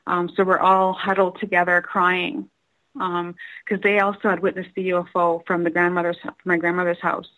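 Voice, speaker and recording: A woman telling a personal story, halting with many fillers and restarts, raising her voice when quoting others. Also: on the low side, level tone, fairly bright tone, rough recording.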